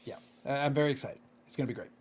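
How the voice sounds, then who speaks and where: A man's voice: medium pitch, rapid-fire, husky. A man co-hosting a casual podcast, ranting with exasperation and swearing freely. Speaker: podcast co-host.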